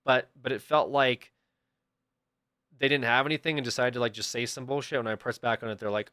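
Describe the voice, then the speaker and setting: A young man streaming and telling a story to his chat in an easygoing, middle-pitched voice. The sound is dry and up close. He keeps bursting into animated impressions of the people he quotes. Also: a little fast, no room sound. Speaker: livestreamer.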